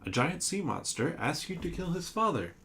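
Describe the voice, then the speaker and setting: A man's voice: a little high, big pitch swings, moderate pace, creaky, a bit bright, a little hiss or hum. A man hosting a solo board game playthrough, musing aloud over rules and reading story text, with self-mocking asides. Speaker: board game player and host.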